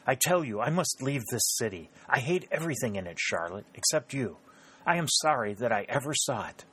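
A man's voice: lowish voice, very animated, moderate pace, breathy edge. A man reading aloud voices a passionate, strong-willed young woman, speaking vehemently. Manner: vehement, raised voice.

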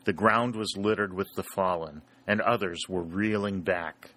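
An audiobook narrator reads a scripted war adventure in a steady, dramatic, unhurried way. His voice sits fairly low, with a bright, pressed tone and a forceful edge.

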